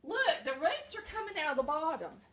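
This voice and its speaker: Southern woman, middle-aged, folksy chatter, high animated voice, kitchen vlog. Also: normal speed. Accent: Southern American. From American South. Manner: chatty, folksy, addresses viewers as y'all. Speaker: vlogger. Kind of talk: casual chatty home vlog. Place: home kitchen.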